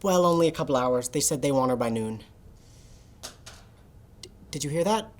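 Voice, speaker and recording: A woman's voice: a bass voice, expressive, normal speed. A woman playing a nonchalant, scheming young male assistant who talks offhandedly over a video call in a comedy sketch. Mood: offhand.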